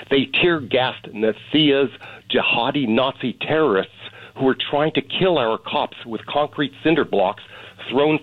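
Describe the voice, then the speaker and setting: A man's voice: mid-range voice, dry recording. A man calling in to a radio talk show, speaking in a fervent, ranting way. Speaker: caller. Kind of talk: phone-in call. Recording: tinny phone line.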